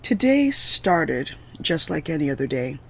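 Give me a woman narrating her own story for a podcast, with a gravelly edge of vocal fry. She keeps a measured, deliberate pace, with every sentence steady and composed. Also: low-pitched, slight background noise. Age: adult mother of several children. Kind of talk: reading a personal story aloud.

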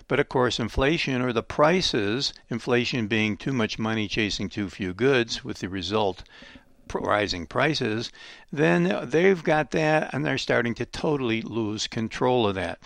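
A man's voice: mid-range voice, animated, normal speed, vocal fry, a bit bright, no room sound. A man hosting a program, giving an emphatic economic commentary monologue full of rhetorical questions. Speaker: radio program host.

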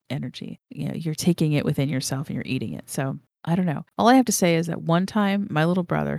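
Chatty woman podcast host, low voice. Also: gravelly, dry recording, studio quality. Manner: chatty, animated storytelling with laughter. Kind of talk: casual chat.

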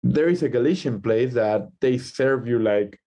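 A man whose first language is Spanish chats as a musician guest, loose and animated, full of "like" and quick asides. His voice has a mellow, darker tone at a middle pitch. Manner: chatty and animated, with frequent "like" and quick laughs. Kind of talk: casual interview over a call. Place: in Madrid, recorded remotely.

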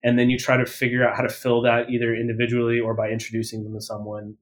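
A man's voice: mid-range voice, monotone, fast talker. A man talking casually as a podcast guest, blunt and profane, rambling with lots of fillers and self-corrections. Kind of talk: casual interview talk.

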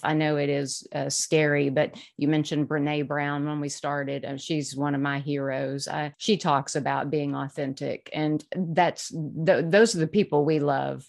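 Deep-voiced woman co-hosting a podcast. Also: vocal fry. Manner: earnest, with frequent restarts and laughs. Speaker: podcast co-host. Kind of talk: casual conversation.

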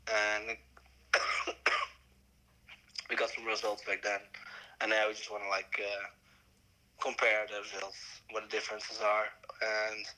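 A hoarse young man who keeps coughing, talking haltingly with many fillers as a guest on a phone call. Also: on the low side, pushed and bright. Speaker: podcast guest, world champion. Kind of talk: casual chat.

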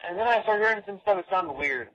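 A man from California leaving a voice message for a podcast, casual and halting with fillers. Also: high voice, lively intonation, fairly bright tone, highs cut off. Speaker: caller.

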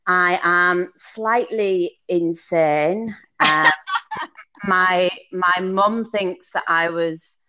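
A woman from the UK, a fitness coach guest on a podcast, excitable and self-mocking. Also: lowish voice, noisy background. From United Kingdom. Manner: excitable, self-mocking, quick bursts of laughter. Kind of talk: casual podcast interview.

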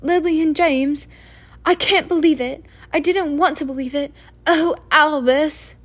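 A woman's voice: high voice, unhurried, voice pushed up. A woman voicing a stern, anxious witch professor. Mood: distressed. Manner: tense, trembling, emphatic. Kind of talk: audiobook reading.

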